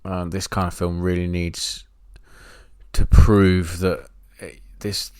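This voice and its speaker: A young adult man co-hosting a film podcast, relaxed and chuckly, often hedging his points. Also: sits low, slow, clean tone, dry recording, clean studio sound. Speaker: podcast co-host. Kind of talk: casual film chat.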